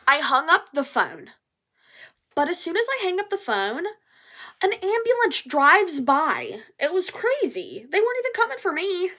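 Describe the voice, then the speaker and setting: A young adult woman telling a story in a casual vlog, animated, swearing and acting out what people said. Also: very high voice, measured pace. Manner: animated, swears, acts out quotes.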